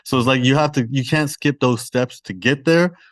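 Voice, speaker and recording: A man's voice: mid-range voice, normal speed, no echo, clean studio sound. A man with a Toronto accent, a guest author talking candidly and self-deprecatingly in a casual podcast interview.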